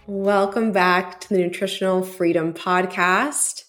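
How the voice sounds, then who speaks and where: A woman's voice: medium pitch, animated, normal speed, soft background music. Woman podcast host from Texas, a dietitian, talking to listeners in a chatty, conversational way. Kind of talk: casual solo podcast talk.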